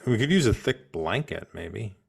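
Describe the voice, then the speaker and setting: Deep-voiced man thinking aloud over a game. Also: expressive, normal speed, vocal fry, husky. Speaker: player. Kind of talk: casual chat while playing a text adventure.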